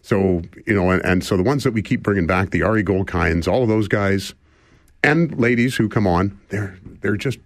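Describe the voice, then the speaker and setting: A man's voice: on the low side, moderate pace, no echo. Chuckling older male radio host. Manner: rambling, chuckling, self-deprecating. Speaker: radio talk show host. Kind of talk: casual radio talk. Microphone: studio microphone.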